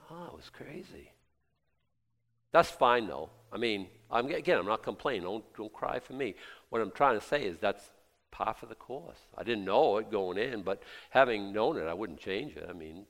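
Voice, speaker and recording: Middle-aged guy preaching, kinda low voice, chatty then loud, big reverby hall. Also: gravelly. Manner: conversational preaching, swings from quiet asides to loud emphatic bursts. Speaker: pastor. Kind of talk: sermon.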